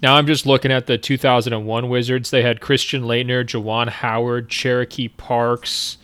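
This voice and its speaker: Smooth-voiced man, dry teasing. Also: medium pitch, little pitch movement, moderate pace, fairly bright tone, no echo. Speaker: podcast co-host. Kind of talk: casual sports chat.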